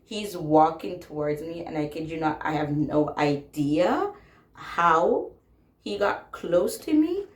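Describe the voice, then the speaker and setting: Sassy low-voiced young woman telling a story. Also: expressive, takes it slowly, roomy sound. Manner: blunt, sassy, swears freely, laughs while telling. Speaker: vlogger telling a personal story. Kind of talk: casual storytime.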